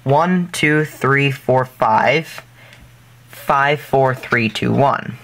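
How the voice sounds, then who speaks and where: A man's voice: medium pitch, extremely slow, fairly bright tone. A man hosting a casual step-by-step craft tutorial, talking loosely with lots of fillers and self-corrections, and dropping jokey, self-deprecating asides.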